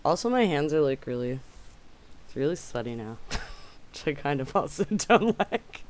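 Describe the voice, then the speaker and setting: A game streamer giving casual live commentary, swearing often, yelling at enemies and chatting with viewers. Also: mid-range voice, sing-song, moderate pace.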